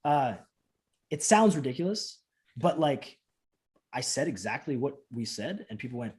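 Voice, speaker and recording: A man talking casually as an interview guest, telling an animated story with lots of "like" and acting out what people said. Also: medium pitch, moderate pace. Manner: animated, acts out the voices of people in his stories, fills in with "like". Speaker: professional wrestler, interview guest.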